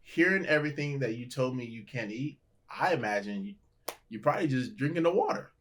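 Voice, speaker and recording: A man's voice: mid-range voice, lively intonation, a little fast, noisy background. A man from Nigeria, a comedian guest, joking and teasing in a casual podcast chat and laughing often.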